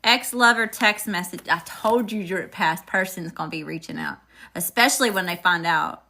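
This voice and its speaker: Bright-voiced woman reading tarot live, chatty, shouts out to viewers. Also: on the low side, moderate pace, gravelly. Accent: regional accent, unnamed. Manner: chatty, greets viewers, upbeat exclamations. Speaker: tarot reader.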